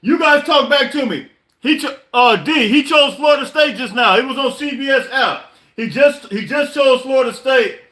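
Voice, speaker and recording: A man's voice: very high voice, normal speed, sharp tone, echoey room. A man hosting a live podcast stream, venting his frustration in a casual, repetitive way with many stammered restarts. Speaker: podcast host.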